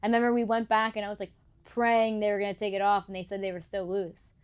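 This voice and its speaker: A woman's voice: mid-range voice, flat delivery, quick pace, clear, resonant tone. A young woman chatting casually on a podcast, often laughing as she tells a story. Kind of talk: casual chat.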